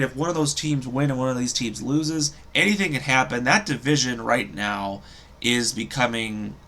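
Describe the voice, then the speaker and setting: A man's voice: medium pitch, vocal fry, bright, forceful tone. A young man giving casual football predictions as a show host, rambling and hesitant with frequent ums and self-corrections. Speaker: sports podcast host.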